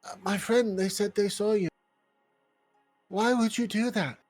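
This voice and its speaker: A man voicing an earnest, well-meaning adventurer in a tabletop game, asking loud, sincere questions. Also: high-pitched, fairly even intonation, unhurried, no room sound, soft background music.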